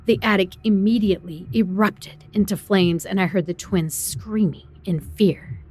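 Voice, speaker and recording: A woman's voice: mid-range voice, a little slow, darkish tone, husky. A woman narrating a first-person horror story in a tense, dramatic way.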